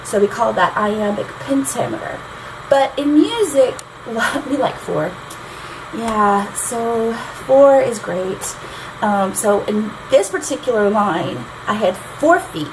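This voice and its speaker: A woman's voice: a little high, animated, slow pace. A woman teaching songwriting in a chatty, explanatory way, tapping out rhythms aloud as she goes. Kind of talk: explanatory lesson. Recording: noticeable background noise.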